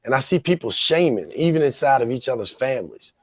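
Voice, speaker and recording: A man's voice: medium pitch, expressive, fast, no room sound. Earnest man host, dry close sound. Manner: earnest, conversational, leaning on "you know". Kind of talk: talk-show commentary.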